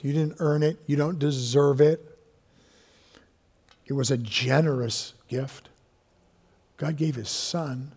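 A man's voice: medium pitch, slightly rough. Preaching man in a reverberant church. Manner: emphatic preaching, drawn-out key words, drops to hushed tones. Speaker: pastor. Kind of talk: sermon. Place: church sanctuary. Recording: long reverb of a church hall.

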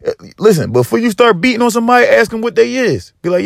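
A man hosting a podcast, telling a profane comedic monologue with lively storytelling, acting out other people and rising to yelling. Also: extremely high pitch, quick pace, gravelly, hardly any pauses, no room sound, clean studio sound. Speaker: podcast host.

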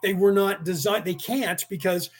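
A man speaking slowly in a rambling spiritual monologue, full of restarts and chanted incantations. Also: high-pitched, fairly even intonation, husky. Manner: slow, deliberate, with many restarts and chanted incantations.

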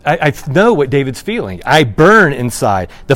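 Male pastor, mid-pitched, conversational sermon that drops to a hush and then rises to emphatic bursts. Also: sing-song, measured pace, hardly any pauses. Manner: conversational, swings from hushed to loud and emphatic.

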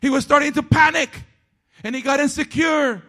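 A male pastor preaching a sermon, calling out to the congregation and repeating phrases for rhythm, swinging between loud and hushed. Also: very high-pitched, normal speed. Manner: calls out to the congregation.

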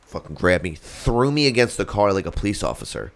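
A young man and podcast host telling a comedic story in a profane, animated way. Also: deep voice, a little fast, gravelly.

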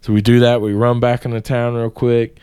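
A man's voice: medium pitch, fairly quick, clear, resonant tone, no echo. Profane man spinning a wild story. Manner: profane, animated storytelling with frequent swearing. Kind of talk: casual storytelling chat.

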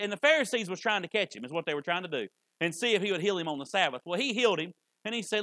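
Male preacher, high bright tone, dry close sound, folksy, stammering sermon. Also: racing, no room sound. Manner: folksy, repetitive, stammers on restarts.

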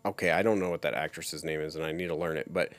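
A man's voice: a bass voice, steady tone, fast, dry recording. A young man co-hosting a casual podcast, blunt and grumbling, with heavy swearing. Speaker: podcast co-host.

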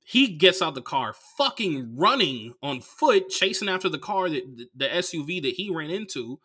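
A man with a Bay Area accent tells a profane story on his comedy podcast, his voice bright and forward. He drops to low mumbles, then shouts without warning. His pitch sits in the middle range for a man. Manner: swings from mumbling asides to loud shouted outbursts.

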